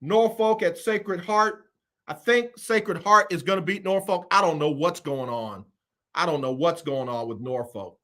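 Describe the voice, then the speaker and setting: Guy hosting a sports show, pretty high bright voice, says everything twice. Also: unhurried. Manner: animated, repeats phrases, Southern US Black vernacular. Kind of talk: casual sports talk show picks.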